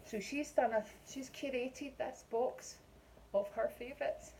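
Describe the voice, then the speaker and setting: A middle-aged woman with a Scottish accent chats loosely through a makeup unboxing, rambling and filling pauses with ums. Her voice is soft and mellow. A faint hiss sits under the recording. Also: on the high side, creaky, rough recording. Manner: chatty and rambling, with many ums. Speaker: beauty vlogger. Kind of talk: casual unboxing chat.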